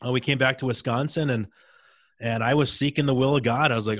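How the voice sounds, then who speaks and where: A man's voice: medium pitch, fairly even intonation, fast talker, fairly bright tone, dry recording, clean studio sound. A man in his thirties, a former pro hockey player, telling his faith story in an intense, candid way in a casual interview.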